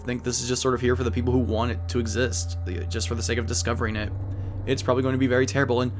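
A man's voice: medium pitch, quick pace. A man giving casual gameplay commentary, chatting about his choices and reading the game's dialogue aloud. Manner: chatty, reads game dialogue aloud, flat asides. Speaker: let's play commentator. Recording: guitar music playing behind.

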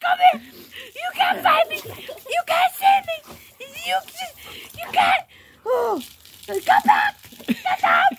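A woman voicing a playful, boastful pet dog battling water, speaking in excited, stammering baby-talk for a home video. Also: extremely high pitch, slow pace, long pauses, a little hiss or hum, exaggerated voice.

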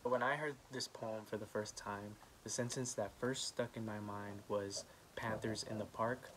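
A low-voiced man leads a children's art lesson, patient and encouraging as he talks through each step. He fills pauses with "um" while he draws. A faint hiss sits behind his voice. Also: steady tone. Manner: gentle, encouraging, many "um" fillers. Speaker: art teacher.

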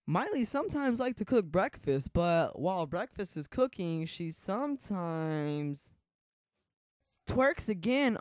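A man giving casual, joking commentary over a life-sim game, getting frantic and yelling at the screen. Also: high-pitched, animated, normal speed, no echo, clean studio sound. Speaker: gaming commentator.

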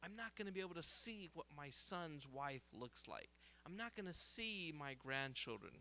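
A middle-aged man, an optometrist, speaking at a seminar in a lively storytelling way and laughing at his own jokes. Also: a little high, moderate pace. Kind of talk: seminar talk with anecdotes. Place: seminar hall.

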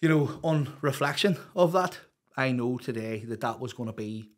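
A man's voice: medium pitch, expressive, moderate pace. A middle-aged man with a Northern Irish accent, a podcast guest telling stories in a rambling, blunt, sweary way. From Northern Ireland. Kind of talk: casual storytelling chat.

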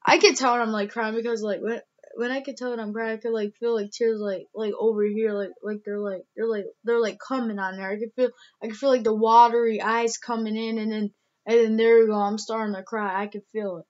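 Speaking fairly quickly in a slightly high voice with fairly even intonation, a young woman rambles through a casual vlog. She's emotional and near tears, saying "like" constantly and starting over again and again. The audio has its highs cut off.

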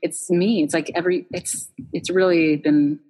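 A woman founder, a guest in a casual interview, telling stories in an animated way with many restarts. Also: on the low side, normal speed, big-room sound.

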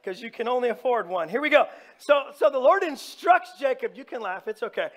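A pastor giving an animated, informal sermon, talking straight to his congregation. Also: very high-pitched, fairly quick. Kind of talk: conversational sermon.

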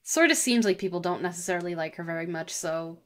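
A woman's voice: lowish voice, fast. A woman hosting a gaming video, giving chatty, giggly commentary as she plays. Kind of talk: let's-play commentary.

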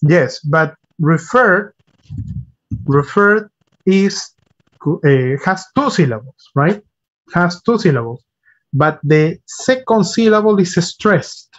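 Slow, patient male teacher. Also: high voice, lively intonation, highs cut off. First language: Spanish. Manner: patient, repeats and spells out words for students. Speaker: English teacher. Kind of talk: online class lecture. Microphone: computer mic on a video call.

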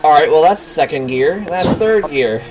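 A man in gaming voice chat over a headset, keeping up a wry, swearing commentary on the race. His voice is a little high and animated in pitch. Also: normal speed, background noise.

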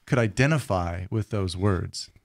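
A man's voice: deep voice, animated, measured pace, no echo, clean studio sound. A man co-hosting a podcast in casual chat, rambling with many fillers and restarts. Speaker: podcast co-host.

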